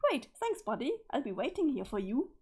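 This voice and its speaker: A woman's voice: high-pitched, big pitch swings, brisk, darkish tone, husky, full character voice. Woman doing a smug, scheming girl troll. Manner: smug, sarcastic, teasing. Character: scheming, sarcastic young female troll.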